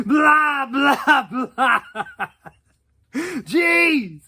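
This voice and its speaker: Young joker played by a man, high, gravelly voice, slow, laughing, crude storytelling. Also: lively intonation, bright, forceful tone, exaggerated voice. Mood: amused. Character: cocky young man, art-scene joker. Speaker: babysitting cousin. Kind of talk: storytelling monologue.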